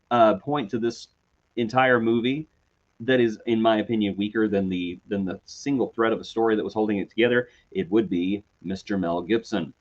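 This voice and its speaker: A man co-hosting a TV review podcast, talking casually in a chatty, animated way and often apologizing. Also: medium pitch, dull audio. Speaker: podcast co-host.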